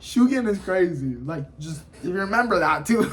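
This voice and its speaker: Man, high voice, casual reviewer who retells scenes in a loose, rambling way full of fillers. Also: animated, moderate pace, hardly any pauses, fairly bright tone. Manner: rambling, full of "you know" and "like". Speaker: anime reviewer.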